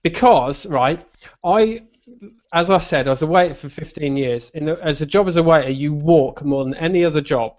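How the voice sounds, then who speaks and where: A man with a Buckinghamshire accent, chatting on a gaming stream and swearing freely as he spins jokey stories. His voice sits a little high for a man, and the stream audio is slightly muffled. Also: normal speed. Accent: Buckinghamshire English. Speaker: stream co-host. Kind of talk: casual chat.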